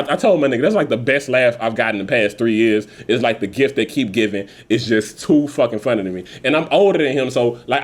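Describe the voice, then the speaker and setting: A man in his thirties hosting a podcast, talking casually with heavy profanity and rambling, laughing tangents. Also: mid-range voice. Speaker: podcast host. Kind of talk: casual venting monologue.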